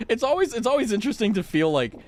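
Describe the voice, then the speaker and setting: A man's voice: high voice, big pitch swings, brisk, a little hiss or hum. A man streaming a game, chatting casually and joking at his own expense. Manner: joking, rambling, self-mocking. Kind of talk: casual chat.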